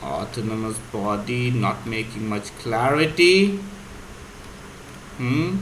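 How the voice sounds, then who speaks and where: A man teaches vocabulary in a relaxed way, spelling words out letter by letter. His voice sits at an average pitch and carries a roomy echo with a faint hum underneath. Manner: explains words slowly, spells them out. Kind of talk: casual vocabulary lesson. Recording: echoey room, faint hum.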